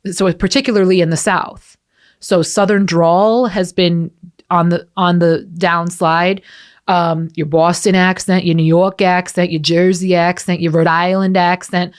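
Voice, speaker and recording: A woman's voice: fairly low pitch, level tone, measured pace, smooth. Brief: American woman, podcast host, casual frank chatter with the odd swear. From United States. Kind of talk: casual chat.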